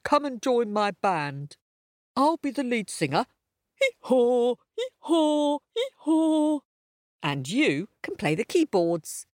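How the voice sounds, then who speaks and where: Storybook donkey, male, pompous and jolly, lower than the woman's own voice, dry close sound. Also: very animated, a little slow, no echo. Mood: hearty. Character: cheerful boastful male donkey.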